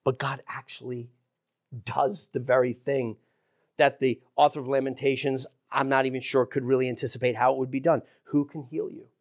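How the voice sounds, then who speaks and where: A woman preaching a sermon in an earnest, emphatic way, dropping to hushed asides for effect. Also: rumbling low, steady tone, moderate pace.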